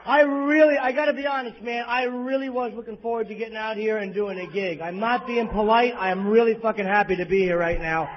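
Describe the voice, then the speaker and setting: A man's voice: sits high, steady tone, brisk, few pauses, noisy background. A man from New Jersey doing a crude, profane stand-up set on stage in a comedy club, ranting abrasively at the audience. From East Coast of the US, New Jersey. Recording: lo-fi live bootleg audio with faint crowd ambience.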